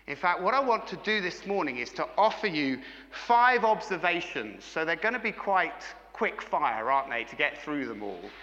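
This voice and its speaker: A man's voice: on the high side, sing-song, moderate pace, sharp tone, big-room sound, highs cut off. A middle-aged man preaching a sermon, engaging his congregation with frequent questions. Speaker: pastor.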